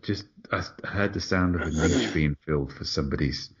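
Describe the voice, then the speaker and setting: A man's voice: a bass voice, moderate pace, breathy edge, lo-fi sound. A man with a British accent, from England, trading dry, wry remarks in casual podcast banter.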